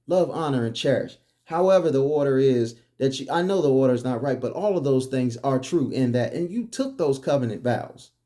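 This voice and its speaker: A man's voice: fairly high pitch, warm tone. A man delivering a preachy monologue, firing off emphatic, repetitive rhetorical questions. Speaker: commentary host.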